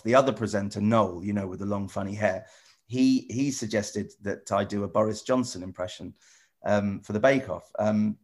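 A man presenter chatting with children in a casual video call, rambling and restarting often, gentle and encouraging. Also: mid-range voice. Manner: rambling, stop-start, many repeated "you know". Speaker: TV presenter answering children's questions.

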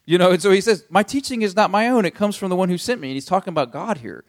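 A man's voice: high-pitched, animated, very fast. A young adult man pastor teaching a Bible passage in a casual, conversational way, paraphrasing with many fillers.

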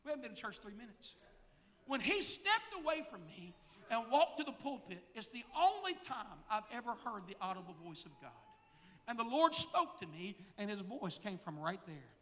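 A man in his forties preaching a sermon, telling a story in a voice that swings from hushed to shouting, in a church sanctuary with reverb. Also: high voice, sing-song, normal speed. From United States. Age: 40s. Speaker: pastor.

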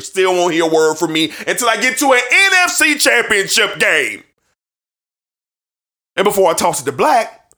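Fired-up man ranting about football. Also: sits high. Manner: passionate, rising to shouts. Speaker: sports talk host. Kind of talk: heated sports opinion rant.

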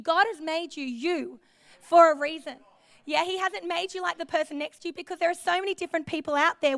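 A woman's voice: high-pitched, gravelly, a bit bright, dry recording. A woman preaching a sermon in a chatty, self-deprecating way, telling personal stories in a church.

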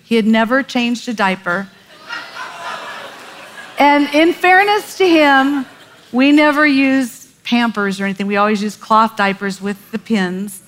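A middle-aged woman telling a parenting story in casual chat, animated and laughing often as she acts out quotes. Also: on the high side, a little slow, low-quality recording.

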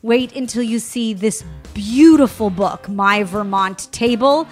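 A woman's voice: on the high side, takes it slowly, soft background music. A woman hosting a radio food show, talking in an effusive, gushing way.

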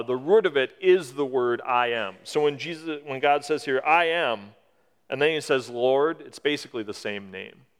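A man in his forties preaches from a church, explaining his points in a conversational way and pushing up for emphasis. His voice is smooth and clear at a middle pitch. It rings with a long reverb through the hall. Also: fairly bright tone. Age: 40s. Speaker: pastor. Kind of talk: sermon.

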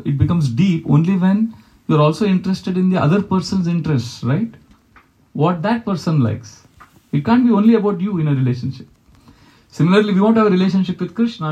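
A man's voice: sits high, a little mellow, poor audio. A man giving a devotional lecture, talking conversationally, asking his listeners questions and reciting Sanskrit verses. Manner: conversational, asks the audience questions. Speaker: spiritual teacher.

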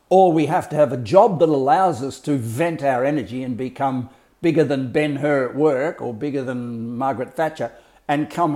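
A man's voice: medium pitch, mellow. A man talking as a life coach, explaining ideas in a blunt, colourful way with swearing and mimicked sounds. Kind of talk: casual explanatory talk.

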